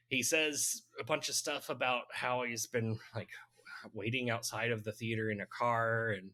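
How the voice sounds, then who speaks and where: A man's voice: mid-range voice, sharp tone. A man co-hosting a podcast, casually recapping a film's plot with wry, laughing asides. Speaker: podcast co-host recapping a film. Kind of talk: casual chat.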